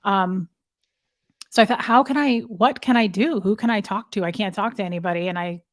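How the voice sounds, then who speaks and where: A woman speaks as a guest in a conversational interview, recounting her story candidly and emotionally. She often halts and restarts her sentences. Her voice sits in a mid pitch and sounds dry, with no room echo. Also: a little fast.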